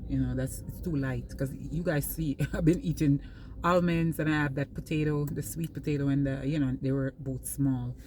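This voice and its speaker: A woman's voice: sits low, steady tone, moderate pace. A woman vlogger chatting casually while driving, rambling with lots of fillers. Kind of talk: casual chat to camera. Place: inside a moving car on the highway. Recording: mic far off, loud road noise. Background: car and road noise.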